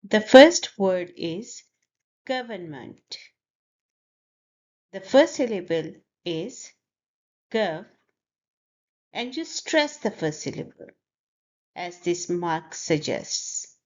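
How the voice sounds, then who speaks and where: A woman's voice: lowish voice, big pitch swings, takes it slowly, a little mellow, highs cut off. A woman teaching English pronunciation, carefully over-articulating words and repeating them for learners to copy. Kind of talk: slow, deliberate pronunciation lesson.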